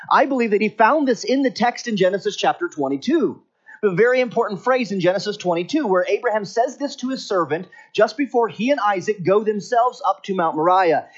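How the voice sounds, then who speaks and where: A man preaching a sermon with slow, stressed phrases. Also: high voice, slightly rough. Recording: slightly dull lo-fi recording.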